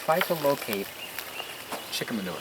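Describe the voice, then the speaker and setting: Guy showing off his garden, earnest and emphatic, kinda preachy, middle pitch, lots of outdoor noise and animals around. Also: big pitch swings, normal speed. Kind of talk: casual storytelling while giving a tour. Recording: outdoor noise on a field recording.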